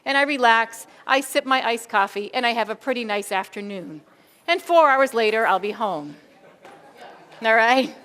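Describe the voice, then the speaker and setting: Middle-aged female keynote speaker, animated, talks straight to a room of educators. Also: sits high, moderate pace. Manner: animated, addresses audience as folks, acts out quoted thoughts. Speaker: school behavior consultant and keynote speaker.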